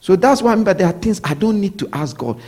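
Preacher guy, husky voice a bit on the high side, keeps asking do we get it. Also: animated, rapid-fire, darkish tone. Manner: repetitive preaching, checks in with listeners. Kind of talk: sermon.

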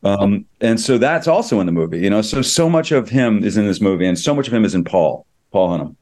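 A middle-aged man, a screenwriter, telling stories in an interview with quick enthusiasm and many restarts. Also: fairly low pitch, lively intonation, a little mellow. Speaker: screenwriter and producer. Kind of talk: interview, anecdotal storytelling.

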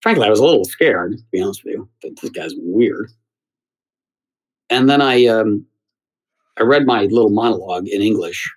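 A middle-aged man with a slightly low, husky voice recounts a story in an interview. He talks in a lively way, often stopping to restart a sentence. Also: moderate pace, pauses often, rough recording. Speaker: theater columnist and former talk show host. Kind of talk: anecdotal interview answer.

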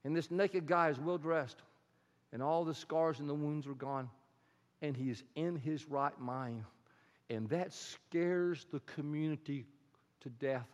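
A male pastor preaching a sermon in a church, telling a story with animated, rising emphasis. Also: on the high side, a little slow. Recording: long hall reverb.

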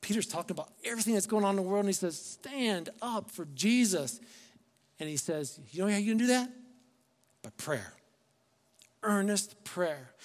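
A male pastor delivers a sermon in a high voice, talking to the congregation conversationally and pressing his points with rhetorical questions. His voice rings with the long reverb of a large hall.

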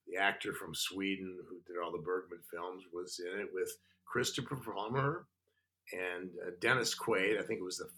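An older man telling stories as a guest in a casual interview. His voice is bright and forward, and he talks in an animated way, restarting sentences and peppering them with "you know". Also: low-pitched, normal speed. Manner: animated, restarts and lots of 'you know'. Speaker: guest actor.

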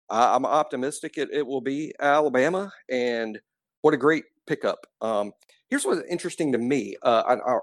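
A man's voice: mid-range voice, dry recording, clean studio sound. A man co-hosting a casual sports podcast, explaining his points in a conversational way and stressing the key facts. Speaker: podcast co-host.

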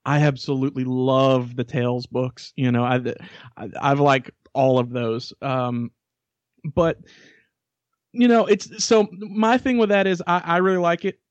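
A man's voice: mid-range voice, a little slow, no echo. Rambling man on a dull, dry line. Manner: rambling with many restarts and fillers. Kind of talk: casual book-review discussion.

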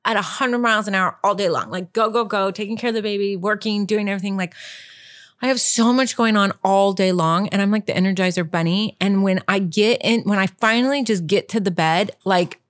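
A young woman co-hosting a casual chat with her partner, laughing often and talking in quick rushes full of "like.". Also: medium pitch. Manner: laughing, quick, self-aware, talks in rushes with many "like"s. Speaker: podcast co-host.

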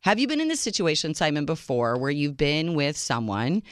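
A woman's voice: deep voice, very animated, normal speed, no echo, studio quality. A woman co-hosting a late-night radio dating show, playful and teasing as she reads listener emails and chats with her co-host. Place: radio studio. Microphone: studio microphone.

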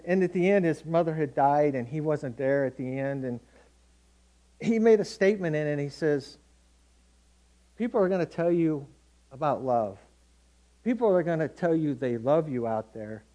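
A man's voice: on the high side, normal speed, warm tone. A middle-aged man preaching a sermon in a conversational, storytelling way, acting out quotes from everyday people.

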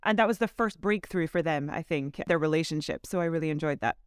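A woman's voice: low-pitched, fast talker, smooth, dry recording, studio quality. A woman actor being interviewed, chatting casually with easy laughs and lots of fillers. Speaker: actor guest.

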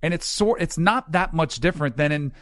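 A man's voice: fairly high pitch, fairly quick, no echo, clean studio sound. A man co-hosting a casual sports talk show, telling stories and acting out what people said. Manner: animated storyteller, acts out quotes.

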